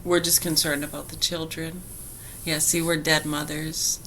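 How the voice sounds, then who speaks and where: A woman's voice: low-pitched, a little slow, a little hiss or hum. A woman vlogging casually, telling a story in a chatty way with frequent laughter. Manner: chatty, laughing, animated retelling.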